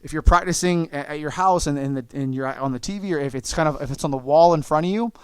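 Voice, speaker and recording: A man with a fairly high voice leads an online martial arts lesson, calling out each move and encouraging his students. His sound is dry and close, with no room echo. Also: quick pace, clear, resonant tone. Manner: coaching, encouraging, calls out moves and kiai shouts. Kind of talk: online class instruction.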